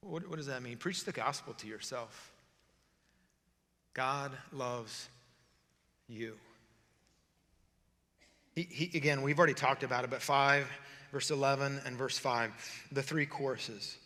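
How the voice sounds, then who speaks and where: A man preaching a sermon as pastor, often hushed and close to tears, at times lively and joking. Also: mid-range voice, normal speed, long reverb tail. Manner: emotional, voice breaking into tears at times; shifts between hushed intensity and lively joking.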